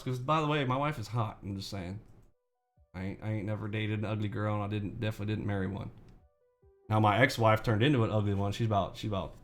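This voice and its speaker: A man hosting a trading channel, ranting to his viewers in an indignant, sarcastic and profane way. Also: on the low side. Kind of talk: angry rant to viewers.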